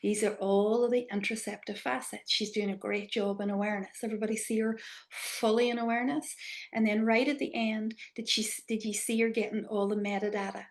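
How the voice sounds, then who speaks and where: A woman teaching an online class on body awareness, asking the group probing questions and sometimes dropping to a soft whisper. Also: mid-range voice, flat delivery, a little fast. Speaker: embodiment trainer.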